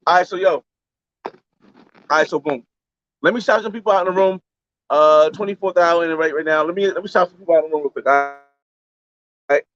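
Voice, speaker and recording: A man's voice: a little high, a little fast, pauses often, no room sound. Slangy man live-streaming from a beach. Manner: loose slangy talk, shout-outs to viewers. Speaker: live-streaming travel vlogger. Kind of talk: casual live-stream chat. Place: outdoors on a beach by a boat landing. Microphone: phone camera held by hand. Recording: slightly dull lo-fi phone audio.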